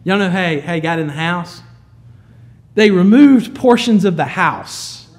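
A man preaching a sermon, moving from quiet, low storytelling to loud, emphatic high peaks. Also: expressive, measured pace. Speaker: pastor.

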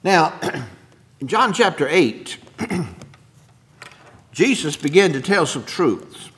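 A man preaching a sermon as pastor, emphatic, dropping soft and then rising loud, with throat-clearing and chuckling asides to the congregation. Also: fairly high pitch, very animated, slow pace.

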